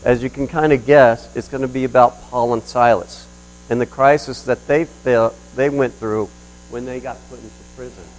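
Man, preacher, conversational sermon, mid-pitched voice, faint mains hum. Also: fairly even intonation, normal speed, poor audio. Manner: conversational storytelling with restarts. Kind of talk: sermon with personal story.

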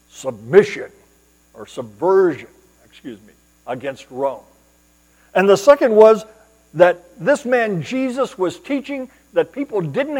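High-voiced male pastor preaching. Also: low-quality recording. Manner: explanatory, asks rhetorical questions. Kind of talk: sermon.

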